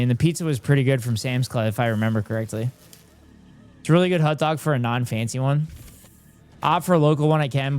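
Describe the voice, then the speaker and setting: A man in his thirties chatting casually on a live stream, reading and answering chat in a self-deprecating way. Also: fairly high pitch.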